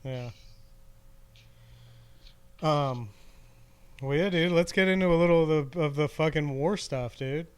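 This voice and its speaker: A man's voice: fairly high pitch, unhurried, long pauses, clean tone. A man hosting a podcast in a laid-back way, saying "dude" often and laughing along with his guest. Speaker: podcast host. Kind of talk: casual chat.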